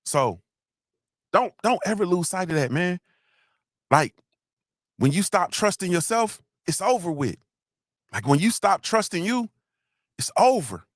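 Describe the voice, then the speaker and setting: A man's voice: sing-song, measured pace, pauses often, no echo, studio quality. A middle-aged man hosting a live motivational talk, repeating himself and growing emotional. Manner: repetitive, preachy, shouts out viewers; gets emotional, voice drops low.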